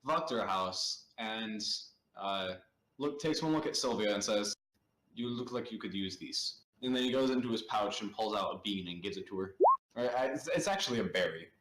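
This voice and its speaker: A man's voice: fairly low pitch, lively intonation, brisk, fairly bright tone, a little hiss or hum. A man playing a tabletop role-playing game, formal in character and jokey out of it. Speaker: player. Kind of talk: tabletop role-play chat. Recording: echoey room.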